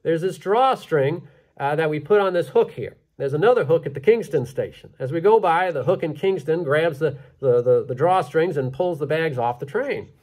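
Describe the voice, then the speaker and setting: A man voicing a gruff male train conductor, speaking slowly and deadpan. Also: on the high side.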